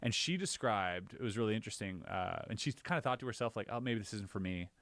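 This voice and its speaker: Animated man telling a wild story. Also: fast talker, no echo. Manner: animated storyteller, rising pitch when reliving scary moments. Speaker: podcast co-host. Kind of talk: casual storytelling chat.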